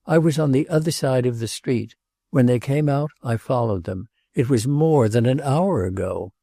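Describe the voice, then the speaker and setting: A man's voice: mid-range voice, normal speed, vocal fry, dry recording, clean studio sound. A man playing a jealous, agitated prince. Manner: excited, pleading, repeats himself. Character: jealous agitated nobleman, tormented.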